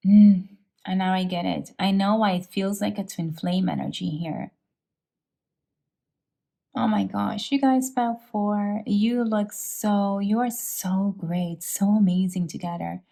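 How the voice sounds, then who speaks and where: A woman giving an emotional pick-a-card tarot reading, sighing and halting with many restarts as she speaks to her viewers. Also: mid-range voice, gravelly, dark tone. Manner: speaks directly to viewers, calling them you guys. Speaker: tarot reader.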